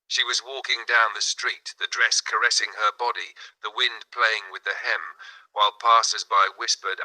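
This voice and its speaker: A man reading an allegorical novel aloud in measured, dramatic narration. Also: fairly low pitch, bright, forceful tone, low-quality recording. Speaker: audiobook narrator. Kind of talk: scripted narration.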